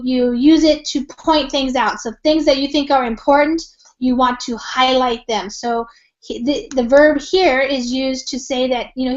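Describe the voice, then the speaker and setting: An American woman teaching an online English reading lesson, explaining words patiently with lots of fillers and examples. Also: sits high. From United States. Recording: dull lo-fi call audio.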